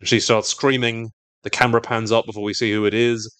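A man's voice: fairly low pitch, little pitch movement, a little fast, a bit bright, smooth, dry recording. Wry man recapping a TV episode. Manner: wry, sardonic, talkative. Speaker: podcast co-host. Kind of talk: casual TV recap chat.

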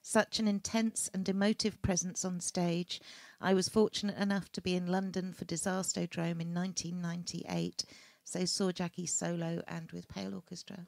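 A woman co-hosts a casual chat and reads listener messages aloud at a relaxed pace. Her voice has a gravelly fry, and the recording is dry and close. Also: on the low side, normal speed, no echo. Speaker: podcast co-host reading listener messages.

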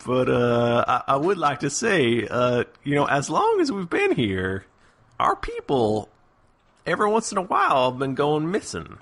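A man plays a simple country villager in a Southern drawl, rambling and roundabout in his telling. His voice is bright and swings lively in pitch. A tabletop game character. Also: a little slow, exaggerated voice. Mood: folksy. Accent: put-on Southern US drawl. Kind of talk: tabletop role-play.

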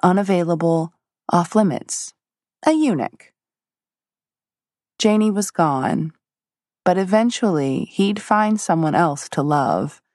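A woman narrating a romance novel in a steady, measured storytelling manner. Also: lowish voice, no room sound, clean studio sound. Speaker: audiobook narrator. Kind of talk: scripted narration.

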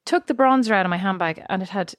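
A young woman co-hosting a casual chat, telling rambling, animated stories. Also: medium pitch, fast, no room sound, studio quality. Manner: chatty storytelling, animated and rambling.

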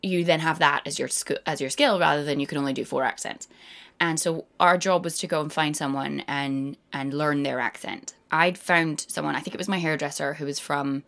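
Low creaky-voiced woman telling stories. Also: a little fast. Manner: animated storyteller, slips into quoted voices. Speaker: guest actor. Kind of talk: casual interview chat.

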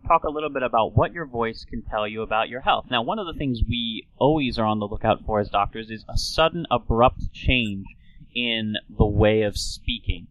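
A man who is a doctor and talk show host, explaining in a lecturing way with quick asides. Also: mid-range voice, a bit bright, no room sound, highs cut off.

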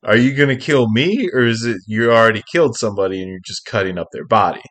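A man in casual podcast chat, telling wry deadpan stories. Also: fairly low pitch, fast talker. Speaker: podcast co-host.

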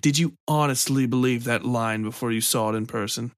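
A man's voice: mid-range voice, a little fast, no echo, clean studio sound, natural voice. A man doing a sly, taunting village priest. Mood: mocking. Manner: taunting, insinuating, hissing.

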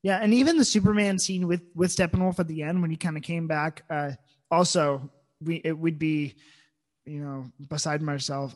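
A man in a casual chat about a film, excitable and gushing, often acting out quotes from scenes. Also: a little high, normal speed. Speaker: film discussion co-host.

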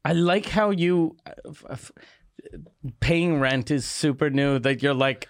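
Guy, co-host, blunt and jokey, swears a lot, slightly high voice, dry sound. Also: measured pace, dry recording. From Quebec City. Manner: joking, blunt, profane. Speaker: podcast co-host and comedian. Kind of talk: casual chat.

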